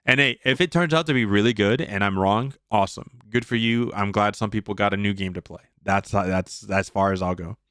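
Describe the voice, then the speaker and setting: A man's voice: on the low side, a little fast, few pauses, fairly bright tone, clear, resonant tone, no room sound, studio quality. A man co-hosting a podcast, giving his opinions in casual chat with lots of fillers. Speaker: podcast co-host.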